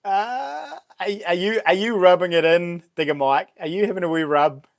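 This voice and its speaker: Speaking a little fast in a high voice, a middle-aged man with a New Zealand accent runs a relaxed live stream. He's chatty, reading viewers' names aloud and giving them warm greetings.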